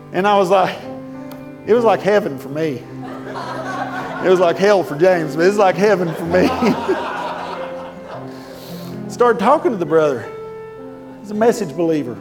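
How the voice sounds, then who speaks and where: A man's voice: high-pitched, lively intonation, normal speed, long pauses. A middle-aged man, telling a story in a sermon to his congregation in a folksy, emphatic way that builds to fervor. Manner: folksy, emphatic, rising to fervent. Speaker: preacher. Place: church sanctuary. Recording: long hall reverb with music.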